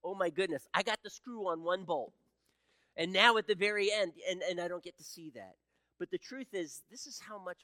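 High-voiced man in his sixties preaching. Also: no echo, clean studio sound. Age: 60s. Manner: swings from loud emphatic peaks to hushed low passages. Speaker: pastor. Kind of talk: sermon.

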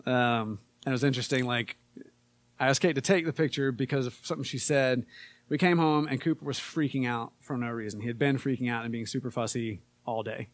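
A man giving a casual sermon in an easygoing, conversational way, dropping in fillers as he talks. His voice sits at an ordinary pitch for a man. The recording is close and dry, with no room echo. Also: fairly quick. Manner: conversational, relaxed, with frequent fillers. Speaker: pastor.

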